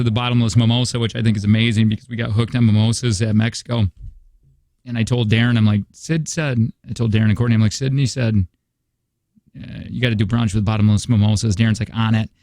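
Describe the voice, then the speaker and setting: A man's voice: mid-range voice, fairly even intonation, a little fast, darkish tone, no room sound. A man in his thirties hosting a morning radio show, rambling through stories in casual chat. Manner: rambling storyteller, chatty. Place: radio studio. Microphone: studio microphone.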